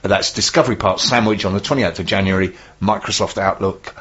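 Husky low-voiced man hosting business radio. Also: fairly even intonation, fairly bright tone, lo-fi sound. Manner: brisk, jokey, reads news items. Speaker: radio host. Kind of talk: business radio chat and news reading.

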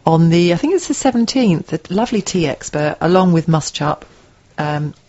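A woman's voice: lowish voice, animated, moderate pace, mellow, lo-fi sound. A woman co-hosting a local radio show, reading out event listings with a playful, teasing, giggly manner. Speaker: radio co-host. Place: radio studio.

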